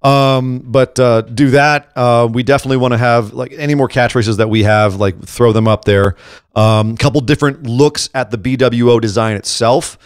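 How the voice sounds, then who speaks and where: A man's voice: medium pitch, steady tone, normal speed, clean tone, no room sound. A man co-hosting a podcast in a casual live chat, joking and rambling with lots of fillers. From Scottish heritage. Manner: jokey, rambling, full of fillers. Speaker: podcast co-host.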